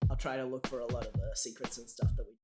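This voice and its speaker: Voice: mid-range voice, little pitch movement, rapid-fire. A streamer reading a game aloud and chatting between the lines in a chatty, giggly way. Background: game music.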